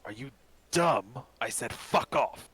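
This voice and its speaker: A man's voice: medium pitch, expressive, slow pace, fairly bright tone, breathy edge, full character voice. A man voicing a scrawny, hostile human man who curtly tells someone to get lost. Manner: curt, contemptuous, swearing.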